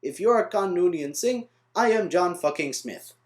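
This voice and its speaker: A man's voice: high voice, expressive, normal speed, pitched above the performer's own voice. A young man putting on a clumsy Indian accent to play an indignant man scoffing at a claim. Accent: Indian, badly put on. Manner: scoffing, mocking.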